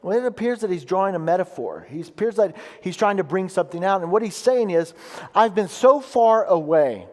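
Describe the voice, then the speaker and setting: A man preaching a sermon in a church, reading scripture aloud and explaining it with emphatic, deliberate delivery. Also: sits high, animated, a little mellow. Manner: emphatic preaching, reads scripture aloud with slow weighty pauses. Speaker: pastor. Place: church sanctuary. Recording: long hall reverb.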